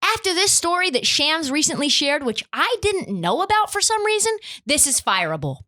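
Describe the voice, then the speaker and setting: A woman's voice: high voice, sing-song, normal speed, pushed and bright. A young woman hosting a sports podcast, ranting in an emphatic, profane, opinionated way. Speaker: podcast host.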